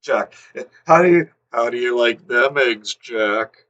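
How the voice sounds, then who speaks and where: A man's voice: mid-range voice, expressive, slow pace, a bit bright, highs cut off. A man hosting a livestream, reading a fanfic aloud, exasperated and swearing as he goes. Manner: exasperated, swearing, breaking into laughter. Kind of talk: live comedic dramatic reading.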